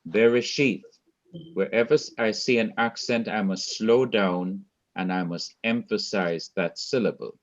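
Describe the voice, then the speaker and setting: A man with a Jamaican accent teaching a Hebrew lesson, speaking deliberately, repeating key words and quizzing his students. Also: fairly low pitch. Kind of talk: online Bible language lesson. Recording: dull lo-fi sound.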